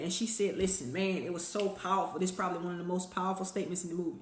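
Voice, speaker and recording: A woman hosting a weekly motivational live stream, speaking straight to her viewers in an energetic, conversational way. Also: fairly low pitch, racing, reverberant, slight background noise.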